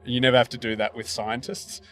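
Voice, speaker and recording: A man's voice: mid-range voice, level tone, brisk, fairly bright tone, soft background music. An Australian comedian in his thirties, trading dry, teasing jokes in a casual chat.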